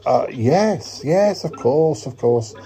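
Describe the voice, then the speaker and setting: A man's voice: a little high, animated, slow, warm tone. A man hosting a comedy podcast in an improvised sketch, hesitant and full of ums. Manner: hesitant, many ums and uhs. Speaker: podcast host.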